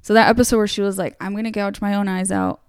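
A woman hosts a casual true-crime podcast, telling the story in a loose, conversational way with plenty of fillers. Her voice is smooth and resonant. The sound is dry and close, with no room echo. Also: mid-range voice, lively intonation, fast talker. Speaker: podcast host.

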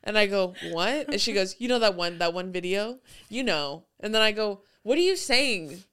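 Smooth-voiced young woman co-hosting a podcast. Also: mid-range voice, lively intonation, moderate pace. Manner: laughs often, quotes viral clips loudly. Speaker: podcast co-host. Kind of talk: casual chat.

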